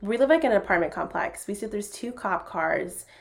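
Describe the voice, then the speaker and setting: A young woman tells a long story on a podcast with lots of energy. Her voice sits in a middle pitch, and she plays out the back-and-forth dialogue herself. She laughs easily as she talks. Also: fairly quick, vocal fry. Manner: animated, quotes people in dialogue, bursts of laughter. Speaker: podcast host telling a story. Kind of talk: casual storytelling chat.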